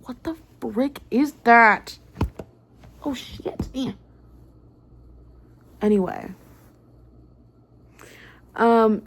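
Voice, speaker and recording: Excitable young woman ranting casually. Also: medium pitch. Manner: excitable, swears freely, lots of fillers. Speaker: book vlogger.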